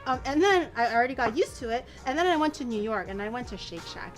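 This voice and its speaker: A woman hosting a casual chat stream, telling stories in an animated, rambling way. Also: a little high, quick pace, soft background music. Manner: chatty, animated storytelling with restarts. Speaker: streamer host.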